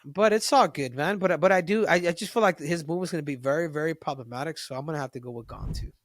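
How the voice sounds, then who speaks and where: Male podcast co-host, loose casual talk, eager and stumbling over his words, slightly high voice. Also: fast, no room sound, studio quality. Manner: excitable, restarts phrases and stammers often. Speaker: podcast co-host, fight analyst.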